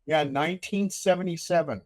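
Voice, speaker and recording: Older guy, kinda high voice, hosting and telling a story all animated, shouts the quoted bits. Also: a little fast. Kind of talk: casual chat.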